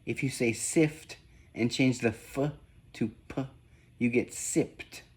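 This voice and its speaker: A man slowly giving spoken sound-swap drills, one deliberate prompt at a time. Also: mid-range voice, a little mellow, slightly rough. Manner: slow, deliberate, evenly paced prompts. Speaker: reading test examiner. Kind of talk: slow scripted phoneme drill.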